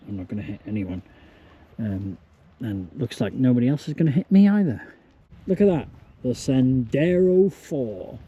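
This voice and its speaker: A man's voice: mid-range voice, warm tone, slightly rough. A man vlogging outdoors at a campsite, a bit drunk and hiccuping, rambling and mocking himself as he talks to a handheld camera. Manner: rambling, self-mocking, slow and loose. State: tipsy with hiccups. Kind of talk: casual vlog monologue.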